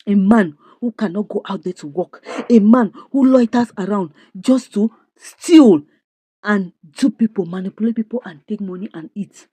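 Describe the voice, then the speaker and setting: A woman voicing a fed-up wife who slowly and emphatically denounces her husband. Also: mid-range voice, dark tone, husky, dry recording, lightly acted. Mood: scornful. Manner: slow, emphatic, indignant.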